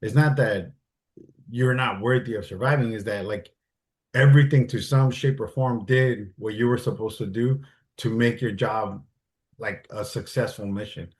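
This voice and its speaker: A man's voice: fairly low pitch, moderate pace, darkish tone. A man in his forties, a Marine veteran guest, telling long stories in a loose, rambling way and acting out the other people in them. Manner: loose and rambling, heavy use of "like" and "I'm like"; acts out the voices of others in his story. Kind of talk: casual interview storytelling.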